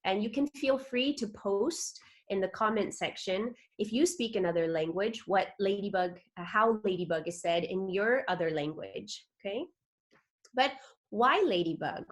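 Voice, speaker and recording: A woman's voice: medium pitch, lively intonation, measured pace. A woman with a Texan American accent teaching a children's club lesson over a video call, upbeat and chatty, often checking that listeners follow. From Texas, USA. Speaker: club director teaching an honor. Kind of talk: online class presentation.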